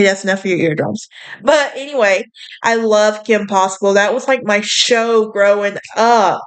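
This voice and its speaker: A young woman with a Southern US accent hosts a podcast in relaxed, gossipy chat. She talks in a sassy, bubbly way and scatters fillers through her sentences. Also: medium pitch. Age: young adult. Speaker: podcast host. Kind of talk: casual chat.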